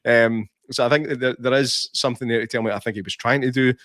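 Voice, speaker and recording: A man's voice: medium pitch, steady tone, fast, fairly bright tone, no echo, studio quality. A man, co-hosting a podcast in a casual film review chat, laughing often and restarting his sentences. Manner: chatty, laughs often, many restarts and fillers. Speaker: podcast co-host.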